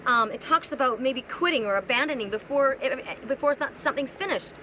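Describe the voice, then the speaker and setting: A woman's voice: high-pitched, animated, a little fast, hardly any pauses, bright, forceful tone, slight background noise, rough recording. A woman giving a live spiritual oracle card reading on a phone, rambling, repeating words and asking many rhetorical questions.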